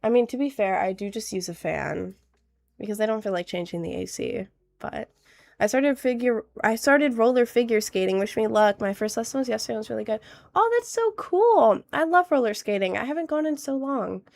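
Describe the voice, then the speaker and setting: A woman's voice: on the high side, expressive, vocal fry, a little mellow. A woman in her late teens with a cold, chatting casually on a livestream in a stuffy, slightly nasal voice, bubbly and rambling. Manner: bubbly, rambling, quick to laugh. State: has a cold. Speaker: streamer.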